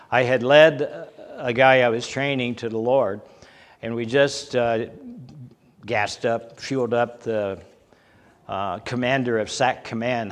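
Older male preacher, folksy storyteller, chuckles between anecdotes, hall reverb. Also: mid-range voice. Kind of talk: folksy sermon with personal stories.

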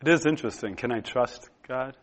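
A man in his thirties preaching, telling a personal story in a relaxed conversational way with lots of pauses and fillers. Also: mid-range voice. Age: 30s. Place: room with a gathered audience.

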